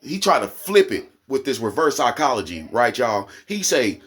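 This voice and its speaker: A man with an Oklahoma accent ranting angrily to camera, profane and heated, his voice climbing into high indignant peaks. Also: very animated, normal speed, a bit bright, husky. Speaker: vlogger. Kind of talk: angry rant to camera.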